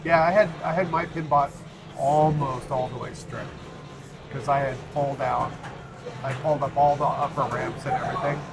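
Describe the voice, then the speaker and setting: A man hosting a casual live stream from his arcade, laid-back and quick to laugh. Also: medium pitch, fairly even intonation, vocal fry, noisy background. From Canada. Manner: laid-back, laughs often, reads chat aloud. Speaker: arcade owner and stream host.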